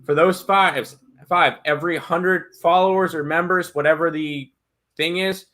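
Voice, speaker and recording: A man co-hosting a sports betting live stream, reading viewer questions and running through housekeeping in a relaxed way with many fillers. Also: on the high side, a little slow. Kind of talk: casual live-stream chat.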